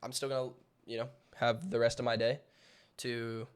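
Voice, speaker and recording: A man's voice: medium pitch, flat delivery, normal speed, clear, resonant tone. Young guy, loose rambly recap voice, jokingly dramatic, fillers everywhere. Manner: rambling, repeats words, many fillers; jokingly theatrical. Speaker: day trading channel host. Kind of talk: casual trade recap over charts.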